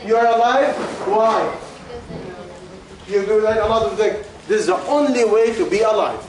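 A religious teacher with a high-pitched voice leads a question-and-answer class at a moderate pace, using simple, broken English and repeating questions to his students as his voice gives out. The recording comes from far off in a very echoey room, with ambient noise.

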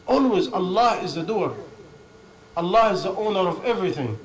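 A man with a fairly high voice delivers a sermon in non-native English. He hammers home each point with long lists and quick rhetorical questions, then answers them himself. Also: lively intonation, rough recording. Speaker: preacher.

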